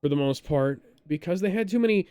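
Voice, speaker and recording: A sardonic podcast co-host with a smooth, resonant voice, giving casual, profane reaction commentary. The rants run on, broken up by mocking fake laughter, and the sound is dry and close. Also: mid-range voice, animated, fairly quick, mellow, no room sound.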